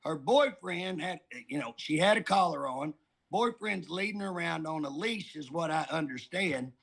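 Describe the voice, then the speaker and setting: Middle-aged Oklahoma man, high gravelly voice, folksy joker telling stories. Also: expressive, normal speed, fairly bright tone. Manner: folksy, joking, drawling storyteller. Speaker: politician guest. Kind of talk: casual talk show chat.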